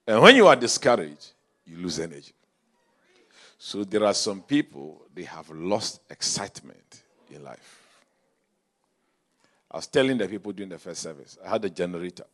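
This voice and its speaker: A male pastor preaching a sermon in a church, telling stories and swinging from quiet asides to shouted calls. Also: low voice, big pitch swings, normal speed, long pauses.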